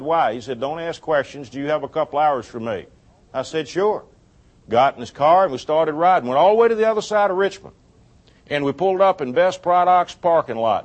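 A middle-aged man preaching a sermon, telling a personal story with lively quoted dialogue and laughing at his own jokes. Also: on the high side.

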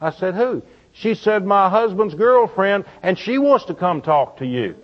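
A man preaching, telling a marriage counseling story and acting out the people in it with lively quoted voices. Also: high voice, measured pace. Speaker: pastor. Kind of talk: storytelling sermon. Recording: dull lo-fi recording.

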